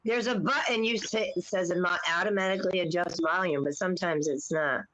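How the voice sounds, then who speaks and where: A woman's voice: on the low side, fairly quick, low-quality recording. A dry, teasing woman chatting casually with friends on a livestream. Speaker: livestream chat participant. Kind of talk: casual chat. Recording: loud background noise and clicks.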